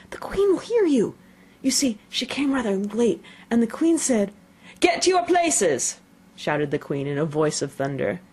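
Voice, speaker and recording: A woman narrating a children's storybook in an expressive, playful reading voice. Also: on the low side, breathy edge.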